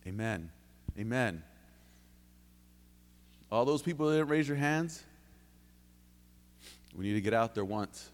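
A man preaching a sermon in a church, fervent, dropping to low intimate tones and then rising to loud bursts. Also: lively intonation, slow pace, pauses often, in a large hall. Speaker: lay preacher giving testimony. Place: church sanctuary.

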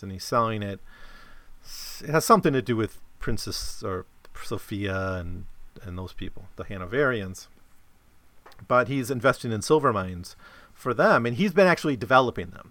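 A man's voice: on the low side, fairly bright tone, no room sound. A man giving a casual explanatory talk about a novel, often checking in with listeners by asking "right?". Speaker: lecturer on a novel.

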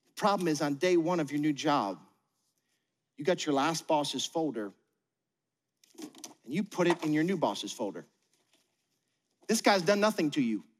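A man preaching a sermon as pastor, conversational, acting out quoted voices. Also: sits high. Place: church auditorium. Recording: long hall reverb.

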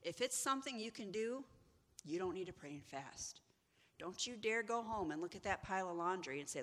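A woman giving an inspirational teaching talk, animated and acting out the people in her stories. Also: lowish voice, fairly quick, in a large hall. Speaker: ministry executive director.

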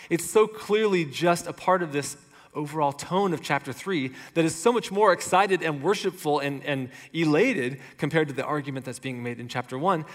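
A man preaches a sermon in a loose, conversational way, full of everyday fillers. His voice sits a little higher than most men's. A long reverb trails each phrase. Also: brisk, fairly bright tone. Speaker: pastor.

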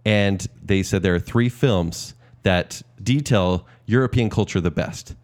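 A man co-hosting a casual movie podcast, chatty and joking in quick asides. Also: sits low. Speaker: podcast co-host. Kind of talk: casual chat about movies.

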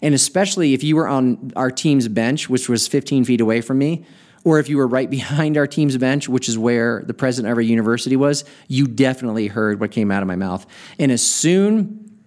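A man hosting a podcast, telling a personal story in an earnest, reflective way and slowing down to stress key points. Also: mid-range voice, a little mellow. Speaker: podcast host.

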